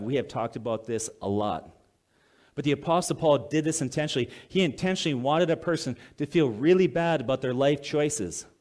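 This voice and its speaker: A male pastor with a mid-range, darkish voice preaches a conversational sermon. He reads scripture aloud, explains it plainly, and poses questions to the congregation.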